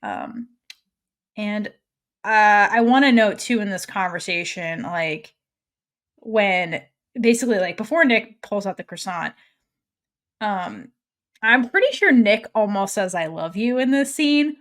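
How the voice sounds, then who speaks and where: A woman's voice: medium pitch, lively intonation, unhurried, pauses often. A young adult woman co-hosting a podcast, recapping an episode in casual chat, acting out the characters' lines with swearing and laughter. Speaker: podcast co-host.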